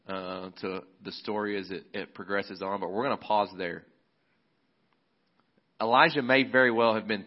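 Man, pastor, sermon, easygoing talk with restarts, lowish voice, dull lo-fi sound. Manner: conversational, relaxed preaching with frequent restarts.

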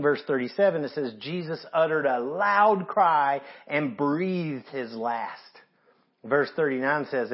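Male pastor, emphatic sermon delivery, average pitch, dull lo-fi audio. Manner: earnest, emphatic preaching, reads scripture aloud.

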